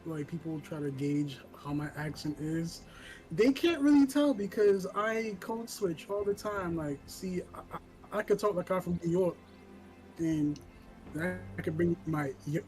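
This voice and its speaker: Man, high voice, relaxed halting chat; faint music behind. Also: low-quality recording. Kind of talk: casual chat.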